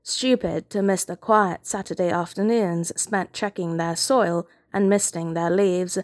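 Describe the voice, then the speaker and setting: A woman's voice: fairly low pitch, steady tone, a little slow, dry recording. Dry, close woman narrating a novel. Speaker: audiobook narrator. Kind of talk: scripted narration.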